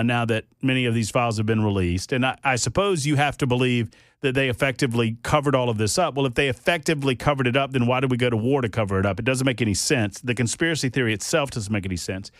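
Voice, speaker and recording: A man's voice: medium pitch, fast talker, no echo, studio quality. A man hosting a talk radio show, rambling and joking with lots of fillers and restarts. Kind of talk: casual talk radio banter. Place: radio studio.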